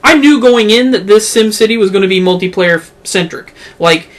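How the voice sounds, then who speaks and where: A man co-hosting a casual podcast, talking about games with lots of filler words. His voice sits high for a man. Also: brisk. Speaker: podcast co-host. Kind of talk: casual chat.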